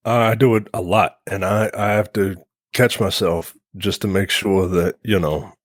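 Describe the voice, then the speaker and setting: Animated man telling family stories. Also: low-pitched, normal speed, no room sound, studio quality. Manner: rambling, animated storytelling with restarts. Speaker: podcast co-host. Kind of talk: casual chat.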